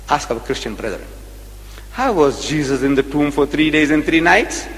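A man's voice: on the high side, fairly bright tone, in a large hall. A man giving a rhetorical religious lecture to an audience, repeating phrases and firing questions at them. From South Africa. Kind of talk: public religious debate lecture.

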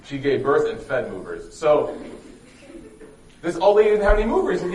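A man's voice: fairly high pitch, sing-song, normal speed, pauses often, a little mellow. A man telling a religious story to a live audience, joking and quizzing them as he goes, heard in an echoey room from a distant mic. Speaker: youth speaker.

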